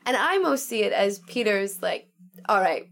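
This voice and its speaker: A woman chatting about faith in a casual, lively way, acting out what people in the story might have said. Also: mid-range voice, moderate pace, gravelly. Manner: animated storyteller who acts out quoted lines.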